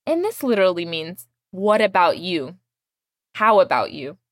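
Woman language teacher, patient drill-style delivery, very lively pitch, dry close sound. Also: moderate pace, no echo. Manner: patient, explains and drills phrases. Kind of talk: language lesson.

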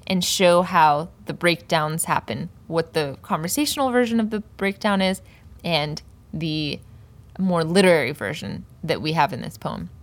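A woman teaching a Persian poetry lesson, explaining words slowly and carefully pronouncing each example. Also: deep voice, animated.

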